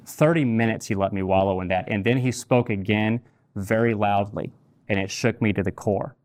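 A man's voice: lowish voice, moderate pace, darkish tone, no echo. A man preaching a sermon, telling a personal story candidly and repeating key phrases for weight. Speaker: pastor.

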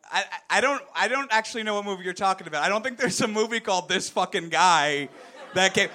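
Rambling high-voiced man joking wryly. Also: bright, forceful tone. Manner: rambling, self-interrupting, wry. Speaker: comedy contestant. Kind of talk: improvised comedy riffing.

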